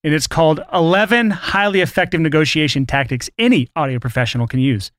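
Man, young adult, podcast co-host, wry and teasing, slightly higher voice, dry studio sound. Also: fast, fairly bright tone, no echo. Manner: teasing, wry, laughs often. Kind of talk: casual chat.

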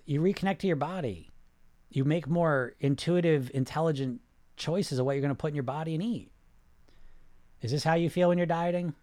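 Male coach, a bit high, rambling and animated, live-chat host who turns to calm relaxation cues, dry close sound. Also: brisk, no room sound. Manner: rambling, animated, with frequent restarts and "right?". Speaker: weight-loss coach and podcast host.

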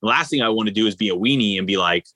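A man, an endurance athlete, telling stories in a casual interview, animated and rambling with lots of fillers. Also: fairly low pitch, rapid-fire, no room sound, rough recording. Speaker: ultra-endurance athlete guest.

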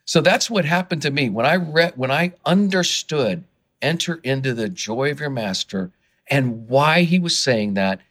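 A man, an author and guest on a podcast interview, who gets excited and worked up as he talks, often restarting his sentences. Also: mid-range voice, normal speed.

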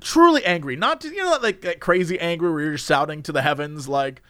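A man's voice: on the high side, animated, brisk, sharp tone. A man telling a funny story in a casual chat, laughing often and acting out the people he quotes. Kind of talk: casual anecdote.

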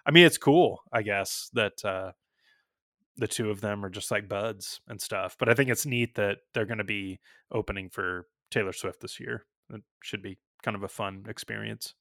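A man's voice: on the low side, normal speed, a bit bright, dry recording, studio quality. A man hosting a casual music podcast, rambling a little with frequent ums and restarts. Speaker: podcast host.

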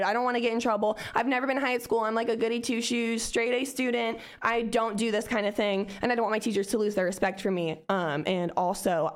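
With a fairly high voice and a brisk delivery, a young podcast guest spins a story casually. She's animated, curses without holding back, and performs the voices of the people she quotes.

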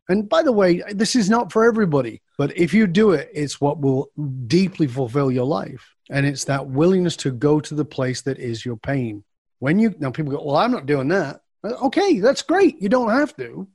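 Man, middle-aged, coach on a podcast, animated storyteller, slightly high voice, dead dry room. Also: normal speed, slightly rough, no room sound. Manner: animated storyteller acting out dialogue. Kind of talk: podcast interview answer.

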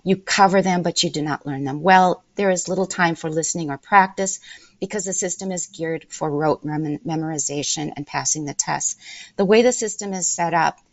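A middle-aged woman giving measured, emphatic interview answers and laying out her points in order as a language-learning guest. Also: on the low side, no echo.

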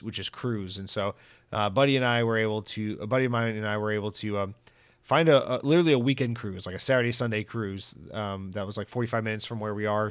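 A man hosting a podcast, talking in a loose, rambling and profane way, with animated swings in his delivery. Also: fairly low pitch, clear, resonant tone, no room sound. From Central Florida. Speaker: podcast host. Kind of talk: casual chat.

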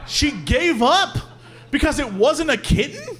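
Male podcast co-host, high and very lively voice, live-show storyteller who acts out the people in his tales. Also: measured pace.

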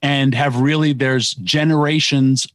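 A man's voice: mid-range voice, steady tone, a little slow, dry recording. Rambling man on dry-sounding radio. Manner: rambling, self-correcting, casual. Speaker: radio co-host, former wrestler. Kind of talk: sports talk radio.

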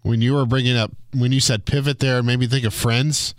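A man co-hosting a sports podcast, relaxed and reading out listener questions. He is recorded on a close, dry mic. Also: mid-range voice, fairly quick, dry recording. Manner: laid-back, reads listener questions. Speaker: podcast co-host. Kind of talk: casual sports talk.

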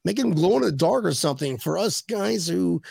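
A man's voice: high voice, expressive, moderate pace, vocal fry, darkish tone, husky, no echo. A man hosting a casual video-call chat show, telling rambling joking stories. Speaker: podcast host.

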